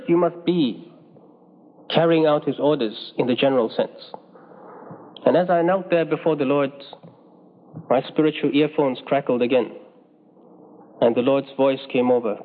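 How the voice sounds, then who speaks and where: A man preaching a sermon, telling personal stories in an earnest way and acting out the dialogue he quotes. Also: a little high. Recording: phone-like with long hall reverb.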